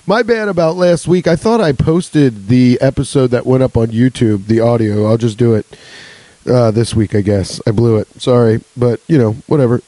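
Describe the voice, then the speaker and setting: A man's voice: mid-range voice, moderate pace, warm tone, no room sound, low-quality recording. A young adult man hosting a solo comedy podcast, rambling and swearing with laughs between jokes. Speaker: podcast host.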